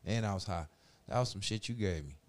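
A man's voice: fairly low pitch, fairly quick, a little hiss or hum. A man in his forties telling a long story in casual chat, full of slang and swearing, acting out the voices of the people in it. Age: 40s. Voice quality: profane slangy street talk, animated retellings.

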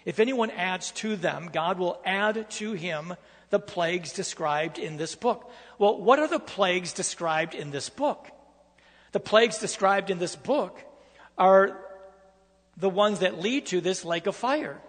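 A man's voice: high voice, lively intonation, measured pace, fairly bright tone, in a large hall. A man preaching a sermon, reading scripture aloud with emphatic, repetitive phrasing.

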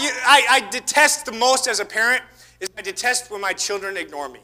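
A man preaching a sermon, swinging between loud exhortation and hushed asides. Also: sits high, fairly quick. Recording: reverberant church hall.

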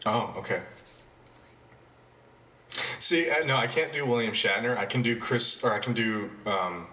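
A man's voice: lowish voice, a little slow, pushed and bright. A man co-hosting a podcast in casual chat, joking around and trying out impressions. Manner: playful, attempts celebrity impressions, laughs often. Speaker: podcast co-host.

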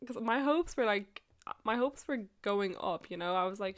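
A woman's voice: medium pitch, a little fast, a bit bright. A woman in her twenties hosting a podcast, telling personal stories in a chatty way, swearing, laughing often and filling her talk with likes. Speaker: podcast host. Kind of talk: casual storytelling podcast.

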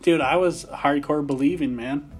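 A young man with a Minnesota accent, co-hosting a casual podcast chat, telling animated stories and laughing often. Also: fairly high pitch, moderate pace, breathy edge, soft background music. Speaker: podcast co-host.

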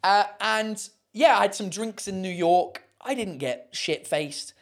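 A man's voice: high voice, lively intonation, a little slow. A man hosting a casual livestream chat, rambling with many fillers and swearing freely. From United Kingdom. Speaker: host.

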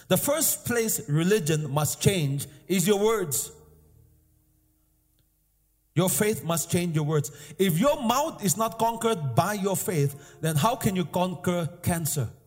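Slightly high and a little mellow, this pastor's voice carries through an echoing hall where faint music plays. He preaches live, repeating emphatic declarations and calling for the congregation's response.

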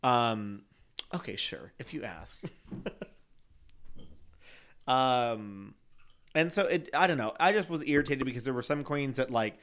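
A man co-hosting a casual podcast, chatty and animated, laughing often as he recaps. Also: medium pitch, measured pace, long pauses. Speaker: podcast co-host.

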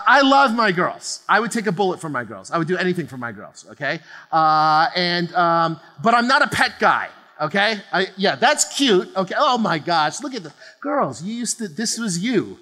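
A high, bright-voiced male pastor in his forties speaks to a congregation in a loose, joking sermon style. He keeps checking in with "okay?" and breaks into quick laughs. His voice rings with the long reverb of a big church auditorium. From New Jersey.

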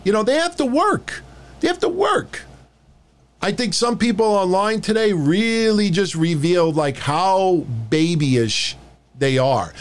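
A man hosting a casual podcast, ranting in a blunt, profane and mocking way. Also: on the high side. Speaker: podcast host. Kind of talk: casual wrestling podcast rant.

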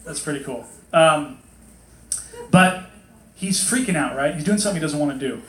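Male pastor, slightly high voice, loose chatty sermon, plays out quotes in voices, echoey hall. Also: expressive, moderate pace, a bit bright. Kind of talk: casual sermon. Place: hot hall with a congregation.

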